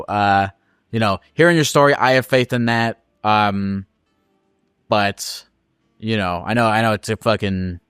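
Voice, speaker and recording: A man's voice: on the low side, a bit bright, clear, resonant tone, no echo, studio quality. A man hosting a call-in advice show, talking casually with many restarts and plenty of swearing.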